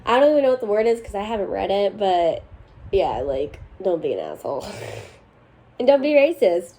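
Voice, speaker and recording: A woman's voice: medium pitch, very animated, normal speed, dark tone, a little hiss or hum, rough recording. A young woman chatting casually as host, reading online posts aloud and laughing between lines. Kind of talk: casual chat reading forum stories aloud.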